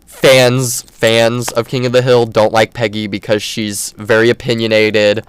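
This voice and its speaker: A man's voice: on the low side, flat delivery, unhurried, clear, resonant tone. A man hosting a podcast, chatting casually and enthusiastically, rambling with many fillers. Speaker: podcast host. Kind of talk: casual chat.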